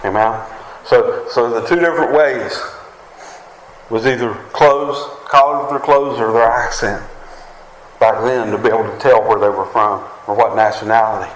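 West Virginian preacher calling out "Amen?". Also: male voice, medium pitch, steady tone, moderate pace, a little hiss or hum. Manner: preaching with frequent "Amen?" calls to the congregation. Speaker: pastor. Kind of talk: sermon. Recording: echoey room with faint ambience.

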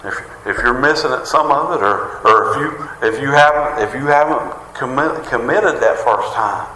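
A man's voice: medium pitch, moderate pace, sharp tone, slight background noise. A man preaching a sermon, folksy and conversational, full of jokes and rhetorical questions. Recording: roomy hall reverb.

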